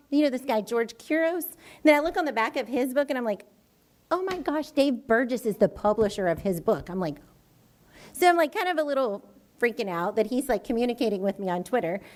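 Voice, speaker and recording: A woman educator telling an animated story in a presentation to a school board, acting out her own quoted reactions. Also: fairly high pitch. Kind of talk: enthusiastic public presentation. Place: school board meeting room.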